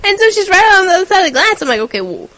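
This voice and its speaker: High, bright, giggly woman. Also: rapid-fire, rough recording. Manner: giggly, animated storyteller who acts out quotes. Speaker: podcast co-host. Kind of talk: casual chat.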